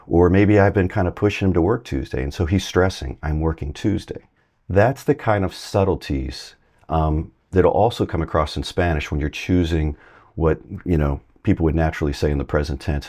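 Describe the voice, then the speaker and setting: A man giving a relaxed, conversational Spanish lesson, explaining grammar through everyday examples. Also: rumbling low. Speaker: Spanish teacher. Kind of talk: casual language lesson.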